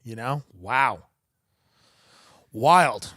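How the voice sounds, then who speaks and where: A man's voice: medium pitch, lively intonation, extremely slow, bright, forceful tone, no echo, clean studio sound. A man hosting a comedy podcast, riffing in a profane, sarcastic, rambling monologue.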